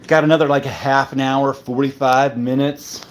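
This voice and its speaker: Man, casual livestream host, tipsy, rambling banter, many fillers, mid-pitched voice, faint background noise. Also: flat delivery, normal speed. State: a bit drunk.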